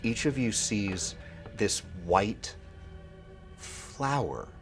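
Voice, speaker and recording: A man narrating a tabletop horror game as game master, calmly describing scenes and calling for rolls. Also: fairly low pitch, drawn-out words, soft background music.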